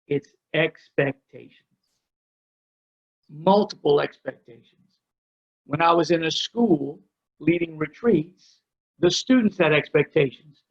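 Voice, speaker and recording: A middle-aged man giving a workshop talk on ministry. He tells energetic, joking stories. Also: fairly high pitch, slow pace, long pauses. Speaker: ministry speaker. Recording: dull lo-fi recording.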